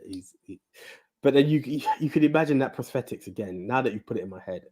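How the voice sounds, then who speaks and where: A man's voice: mid-range voice, lively intonation, fast, a little mellow. A man co-hosting a podcast in casual chat, often stumbling and repeating words as he thinks. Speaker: podcast co-host.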